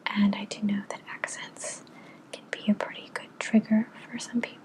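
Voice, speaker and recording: A young woman giving a whispered ASMR book review in a soft, unvoiced whisper, gentle and unhurried with little filler pauses. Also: mid-range voice, level tone, low-quality recording. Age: young adult.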